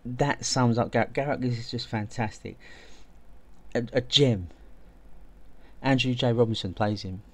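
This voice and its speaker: A man's voice: medium pitch, measured pace, long pauses. A man hosting a video essay, talking casually and enthusiastically, often restarting and repeating words as he goes. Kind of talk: casual spoken video commentary.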